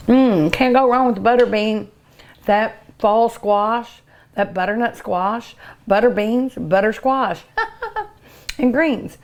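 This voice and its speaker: A middle-aged woman with a slightly high voice hosts a cooking show in a restaurant kitchen. She chats warmly and eagerly to her viewers, sometimes getting emotional as she cooks and tastes. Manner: chatty, emotional, eager and hungry, talks to viewers. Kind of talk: casual cooking show chat.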